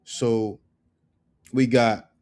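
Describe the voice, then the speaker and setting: A man's voice: medium pitch, level tone, drawn-out words, darkish tone. A man teaching Colombian Spanish pronunciation in a casual lesson, repeating each word several times with an upbeat, chatty manner.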